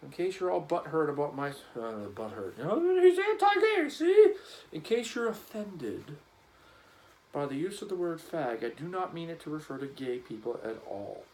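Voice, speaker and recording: A man's voice: on the high side, very animated, moderate pace, a little mellow, poor audio. A man vlogging casually as he cleans a gun, rambling and joking in an offhand way.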